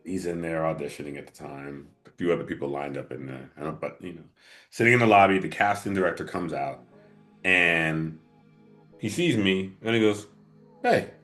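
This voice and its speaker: A man with a very low voice hosts a casual sit-down interview. His tone is bright and forceful as he tells a loose, relaxed story. He laughs easily along the way. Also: normal speed, soft background music. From moved to LA as an adult. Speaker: podcast host.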